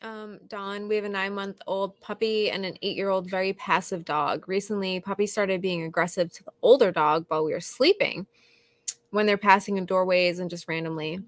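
Brief: female co-host reading questions, casual, mid-pitched, dry close sound. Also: steady tone, fairly quick, no echo. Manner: casual, reads questions aloud. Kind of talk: podcast Q&A.

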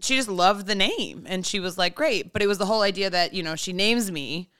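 A woman's voice: medium pitch, fairly quick, fairly bright tone, clean tone, no echo, clean studio sound. A woman guest telling funny family stories in casual chat, acting out the people she quotes. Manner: comic storyteller, acts out quoted voices. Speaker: podcast guest. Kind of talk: casual storytelling.

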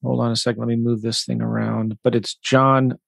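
On a live online webinar, a man coaches real estate investors in an energetic, conversational, emphatic style. His mid-range voice is creaky and fairly quick, with no room sound.

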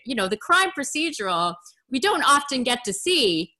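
A woman hosting a casual interview chat, animated and rambling, full of "like" and restarts. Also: sits high, moderate pace. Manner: animated, rambling, heavy use of "like". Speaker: podcast host.

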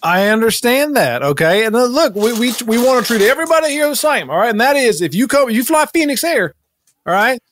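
A man playing a harried airline gate agent who keeps trying to calm a crowd of passengers in an improv comedy scene. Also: very high-pitched, brisk, slight background noise, exaggerated voice. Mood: placating. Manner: soothing crowd, repeating "all right". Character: harried male airline gate agent, patient but exasperated.

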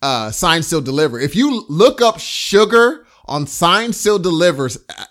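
Animated man, playful podcast co-host. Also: unhurried. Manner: playful, animated, scats bass lines. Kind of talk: casual chat.

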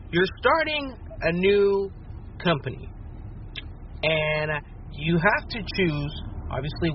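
A man's voice: on the high side, lo-fi sound, a little hiss or hum. A man sending in a recorded question to a podcast, speaking playfully and sprinkling in Spanish greetings. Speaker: listener sending a video question. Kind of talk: casual recorded question segment.

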